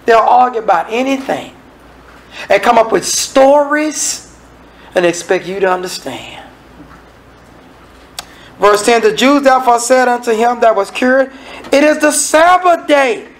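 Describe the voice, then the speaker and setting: A man's voice: extremely high pitch, lively intonation, unhurried, pauses often, low-quality recording. A man preaching a sermon in a folksy, conversational way, acting out the people in the scripture and making asides to the congregation.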